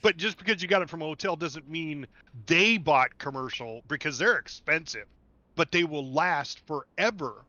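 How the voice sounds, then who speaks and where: A man's voice: a little high, animated, normal speed, bright, forceful tone, no echo, dull audio. A man hosting a game stream, chatting casually, laughing often and repeating himself. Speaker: stream host. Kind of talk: casual chat while gaming.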